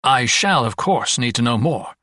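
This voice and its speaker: A man's voice: mid-range voice, expressive, normal speed, no echo, studio quality. Man reading a tense, clipped young doctor. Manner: clipped, controlled, sharp. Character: male doctor, tense and determined.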